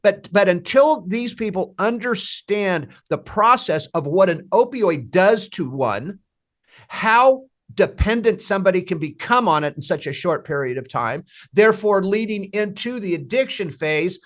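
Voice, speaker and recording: A woman's voice: mid-range voice, expressive, unhurried. A woman hosting an interview, speaking emphatically and repeating words for stress. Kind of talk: casual interview talk.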